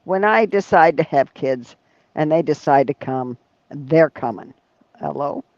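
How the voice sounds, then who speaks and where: A woman's voice: low voice, unhurried, no echo. Chatty woman telling stories, dull recording. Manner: animated storyteller, laughs often. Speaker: leatherwork channel host. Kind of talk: casual chat.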